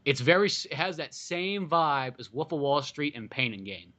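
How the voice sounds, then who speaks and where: A man with a bright, slightly raised voice argues his points with emphasis in casual podcast talk. He swears freely and comes back to his points again and again. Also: a little high, lively intonation, normal speed. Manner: emphatic, profane, argumentative. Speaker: podcast host. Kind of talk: casual chat.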